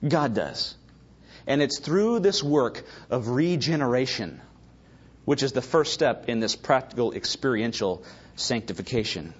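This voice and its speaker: Husky emphatic male preacher, lo-fi. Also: on the high side. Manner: emphatic, rising to shouts for stress. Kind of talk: sermon.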